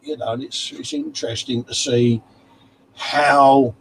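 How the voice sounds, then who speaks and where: A man's voice: medium pitch, huge pitch swings, measured pace, fairly bright tone, a little hiss or hum, poor audio. A man co-hosting a casual livestream chat, reading out viewer comments and calling everyone mate. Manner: chatty, calls everyone mate. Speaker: livestream co-host.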